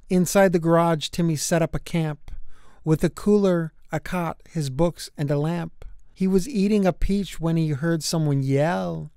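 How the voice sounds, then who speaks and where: An unhurried storybook reader with a smooth, clean voice that rolls through rhyming verse with a lilting beat. The characters get playful little voices of their own. The sound is close and dry, with no room around it. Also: medium pitch, steady tone, dark tone, no room sound. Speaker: children's book reader. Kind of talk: storybook read-aloud.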